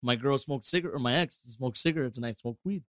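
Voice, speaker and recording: A man's voice: medium pitch, quick pace, no echo, clean studio sound. A man telling a story on a podcast, swearing a lot and acting out quotes, switching into now and then. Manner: animated, heavy swearing, acts out quotes. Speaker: podcast guest. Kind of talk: casual storytelling.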